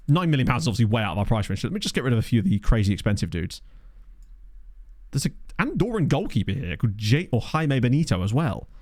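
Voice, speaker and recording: A man talking through his game session in a chatty, think-aloud way, with a lively, bouncing pitch. His voice is dry and close, with no room sound. He throws in jokey asides as he goes. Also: no echo. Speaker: gaming YouTuber. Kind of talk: casual let's play commentary. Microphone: desk microphone.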